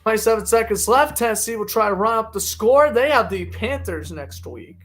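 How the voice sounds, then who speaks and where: A man's voice: sits high, moderate pace, a little hiss or hum. A young man doing amateur live play-by-play commentary of a football game, calling the plays and recapping the score. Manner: excitable, gets loudly indignant at referees.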